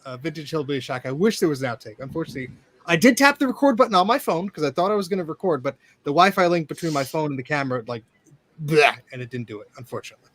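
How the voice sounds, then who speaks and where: A man co-hosting a casual online show, telling a funny story with animated bursts and acted-out exclamations. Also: a little high, racing. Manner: animated storyteller, acts out voices in anecdotes. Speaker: podcast co-host. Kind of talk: casual chat.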